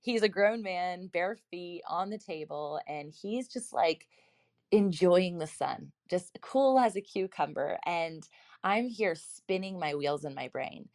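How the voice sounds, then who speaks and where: A woman's voice: lowish voice, lively intonation, slow pace, a little mellow, no room sound, studio quality. A woman in her thirties telling a personal story in an earnest, reflective way, speaking directly to her listeners.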